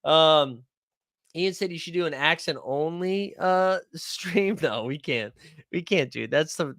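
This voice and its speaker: A man's voice: on the high side, bright, forceful tone, dry recording, clean studio sound. A man hosting a fantasy sports live stream in a joking, rambling, profane casual manner.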